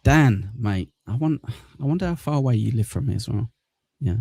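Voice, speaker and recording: A man's voice: mid-range voice, animated, normal speed, creaky, dark tone, slightly rough, no room sound. A man from the south of England with a Manchester accent, hosting a casual live stream, joking and swearing at his own bad luck. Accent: Mancunian. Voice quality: swears often, laughs at himself. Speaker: stream host.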